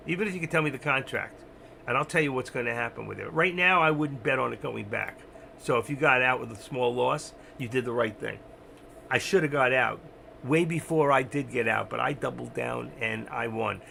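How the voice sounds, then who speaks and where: A man's voice: medium pitch, gravelly, pushed and bright, slight background noise. A man hosting a trading livestream, talking casually and rambling, mocking himself and speaking straight to his viewers. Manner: rambling, self-deprecating, talks straight to viewers. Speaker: options trading livestream host.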